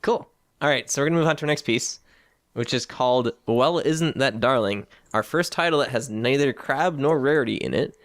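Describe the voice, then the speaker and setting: A man's voice: mid-range voice, a little fast, no echo, clean studio sound. A laid-back man co-hosting a casual podcast, introducing the next piece. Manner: laid-back, short agreeing replies. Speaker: podcast co-host. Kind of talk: casual chat.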